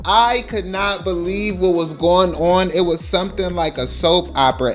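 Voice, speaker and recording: A man telling a casual storytime over a nail art tutorial, animated and acting out the quotes. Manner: animated, acts out quotes in higher voices.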